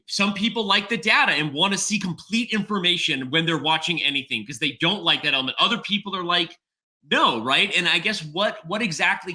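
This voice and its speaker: A man's voice: high voice, sharp tone. A middle-aged man talking as a guest on a podcast, in casual chat, thinking aloud and checking in with "right?" after his points. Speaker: podcast guest, chess executive.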